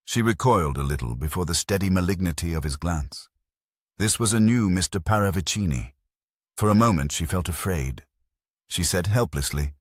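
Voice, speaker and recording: A man narrates a mystery novel in an extremely deep, husky voice. His reading is measured, with lively rises and falls. The sound is dry and close. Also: dry recording. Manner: measured storytelling delivery. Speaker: audiobook narrator.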